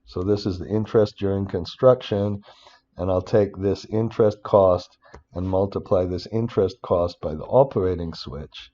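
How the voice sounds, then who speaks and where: Male finance instructor, warm dark tone, loose rambling delivery with sudden rants. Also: on the low side, muffled recording. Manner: rambling, many restarts, breaks into excited rants. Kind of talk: screen-recorded spreadsheet tutorial.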